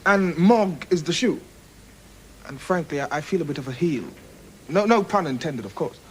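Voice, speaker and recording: A young actor with an English public-school accent playing a polite, earnest upper-class patient in a sitcom. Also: male voice, fairly high pitch, lively intonation, normal speed, a little hiss or hum, lightly acted. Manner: polite, earnest, a little awkward.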